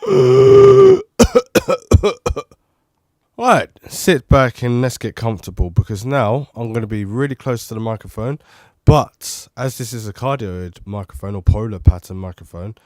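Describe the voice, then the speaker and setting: A man with a fairly low voice chats in a rambling, easygoing way, close to a studio condenser mic at his home desk. The sound is dry and close. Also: normal speed, darkish tone, no echo. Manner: rambling, chatty, self-commenting. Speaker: tech reviewer. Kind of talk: casual microphone test talk.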